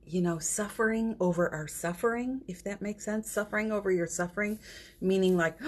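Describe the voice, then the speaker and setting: A middle-aged woman, an energy healer, giving a gentle and affectionate spiritual pep talk on a morning livestream, greeting viewers by name and laughing often. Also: mid-range voice, brisk. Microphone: phone or computer mic for a livestream.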